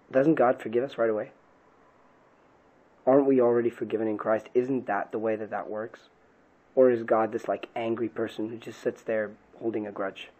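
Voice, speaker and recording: A man's voice: mid-range voice, mellow, low-quality recording. A man, a pastor, giving an earnest podcast talk on parenting and faith, often asking rhetorical questions.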